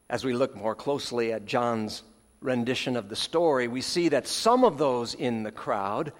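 A man preaching a sermon as pastor, earnest with dramatic pauses, letting phrase ends fall soft, with folksy asides. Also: a little high. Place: church sanctuary. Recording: long hall reverb, church sanctuary.

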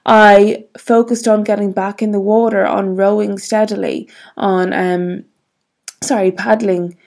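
Gravelly-voiced woman telling a candid story. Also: mid-range voice, little pitch movement, unhurried, a little mellow. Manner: frank, reflective, swears freely. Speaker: vlogger.

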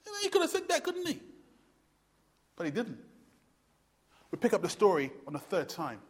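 A man preaching a sermon earnestly, repeating phrases for emphasis and swinging between loud and hushed delivery. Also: high-pitched, huge pitch swings, moderate pace, husky. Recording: long hall reverb.

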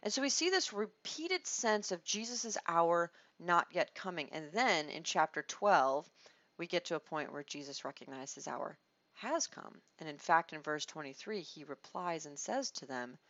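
A woman leads a conversational Bible study, speaking expressively and restarting her phrases as she works through each thought. Her voice sits somewhat low. The recording is dull, lo-fi and dry, with no room sound. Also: moderate pace, dry recording. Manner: expressive, acts out quoted lines, restarts phrases. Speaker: Bible teacher.

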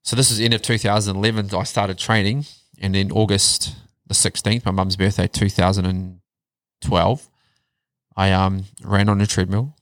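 A man telling his life story in a casual chat, blunt and animated, swearing heavily. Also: lowish voice, normal speed, no echo. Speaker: podcast guest.

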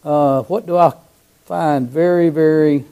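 A man preaching a sermon, fervent, swinging from loud cries to hushed lines. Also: a little high, fairly even intonation, a little slow, clean tone.

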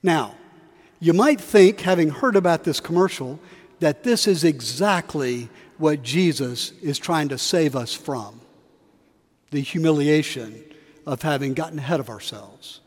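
Preacher in a reverberant cathedral. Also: male voice, on the high side, unhurried. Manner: storytelling, varied emphasis, acts out quotes. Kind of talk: sermon. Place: large cathedral.

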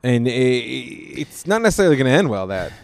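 A man chats on a podcast in a measured, analytical way, often cutting in briefly. His pitch is mid-range for a man. The recording is dry and close. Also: big pitch swings, creaky, dry recording. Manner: measured, analytical, short interjections. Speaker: podcast co-host. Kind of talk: casual political chat.

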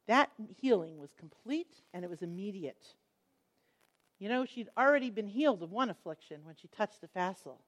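A woman's voice: mid-range voice, moderate pace. A middle-aged woman teaching a Bible lesson, telling the stories expressively and acting out the quotes. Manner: expressive storytelling, acts out quotes.

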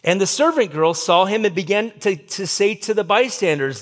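A male pastor giving a sermon in a conversational way, full of fillers and restarts, acting out quoted lines with big swings in pitch. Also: animated, normal speed, a bit bright. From Southern California.

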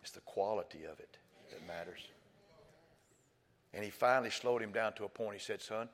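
A male pastor preaching a sermon, telling a story with quoted dialogue, slow and emphatic. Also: fairly low pitch, long reverb tail. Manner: storytelling, builds to shouting climax.

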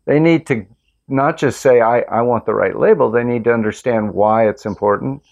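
A man who farms organic tomatoes, hosting a casual interview and telling stories in an earnest, relaxed way. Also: medium pitch, normal speed, vocal fry, dull audio. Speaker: host, organic tomato farmer.

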